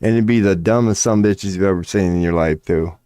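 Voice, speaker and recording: Low, dark-voiced man ranting. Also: a little fast, clear, resonant tone, no echo, clean studio sound. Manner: profane, mocking, drawling. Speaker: streamer. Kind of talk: casual rant commentary.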